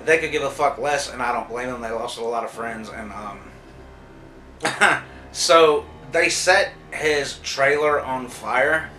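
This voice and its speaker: A man's voice: medium pitch, slow pace, pushed and bright. Man giving a loose, cussing episode recap. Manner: loose, profane storytelling with lots of "like" and "uh". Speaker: TV episode reviewer. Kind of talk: casual spoiler recap. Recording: roomy echo, distant mic, faint music.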